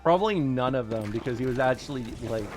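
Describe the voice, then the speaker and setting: A man streaming live, chatting casually and wryly with his viewers, quick to joke and to deny things. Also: medium pitch, lively intonation, music in the background.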